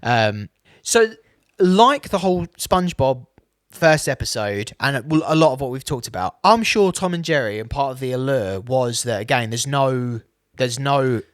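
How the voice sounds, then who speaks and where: A man's voice: medium pitch, animated, normal speed, no echo, studio quality. A young British man co-hosting a podcast, chatting casually and trailing off mid-sentence. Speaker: podcast co-host. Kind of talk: casual chat.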